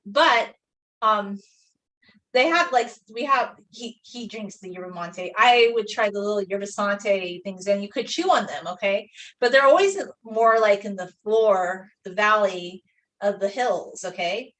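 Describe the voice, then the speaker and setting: Painting live on stream, a young woman rambles casually through a story, dropping in plenty of fillers like "like." Her mid-range voice is a bit bright and a little slow, and she sounds somewhat removed from the mic.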